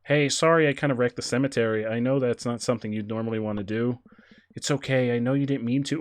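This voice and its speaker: A man with a slightly blocked, nasal sound streams a game, chatting casually and reading its lines aloud. His voice sits in an ordinary middle pitch, and it jumps loud and high when he greets his viewers. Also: fairly even intonation, fast, clear, resonant tone. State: stuffy nose. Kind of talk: casual gameplay commentary, reading dialogue aloud.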